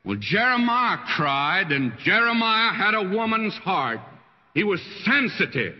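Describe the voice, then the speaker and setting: An older man delivers a sermon in a lively, folksy manner, his pitch sitting on the higher side for a man. The recording is dull and lo-fi, like an old archival tape, with a long reverb from a church hall. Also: a little slow. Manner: folksy storytelling preacher with wide swings in pitch. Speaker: pastor.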